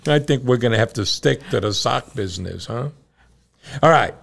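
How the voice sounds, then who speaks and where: Lively, gravelly middle-aged man telling jokes. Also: mid-range voice, moderate pace. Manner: animated storyteller, laughs often. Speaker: podcast co-host and father. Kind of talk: casual chat and joke telling.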